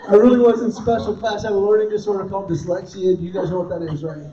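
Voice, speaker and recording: Middle aged stand-up guy, high mellow voice, self-deprecating jokes, dull far-off mic in a big event hall. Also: flat delivery, quick pace. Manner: punchy, self-deprecating storytelling with crowd questions. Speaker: comedian. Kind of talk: stand-up storytelling. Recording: roomy, distant, dull live recording.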